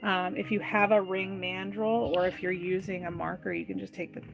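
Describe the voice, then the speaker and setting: A woman's voice: lowish voice, level tone, normal speed, gravelly, over music, rough recording. A woman leading a live craft tutorial, talking through each step unhurriedly and chatting with viewers' comments as she works. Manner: chatty, reads and answers live viewer comments between steps. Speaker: jewelry maker demonstrating wire wrapping.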